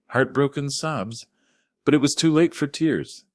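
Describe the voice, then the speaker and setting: An older man narrating a scripted first-person story in a measured, grave manner. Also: on the low side, no echo, studio quality.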